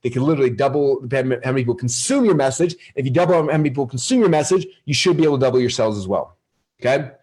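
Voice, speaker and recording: A man presenting a live marketing webinar, energetic and salesy, often asking his audience questions. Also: mid-range voice, very fast, slightly rough.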